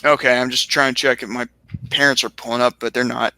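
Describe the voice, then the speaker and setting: A man's voice: mid-range voice, level tone, fast talker, sharp tone, no room sound. A young man co-hosting a podcast, telling a long story casually, full of fillers and restarts, on a laptop mic. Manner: rambling, filler-heavy, restarts often. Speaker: podcast co-host.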